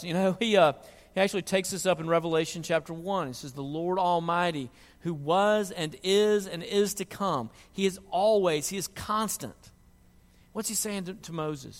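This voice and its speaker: Pastor, male, earnest preacher with stumbling restarts; a bit high-pitched, recorded with a long reverberant hall tail. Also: normal speed. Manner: earnest, repeats words as he restarts. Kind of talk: sermon.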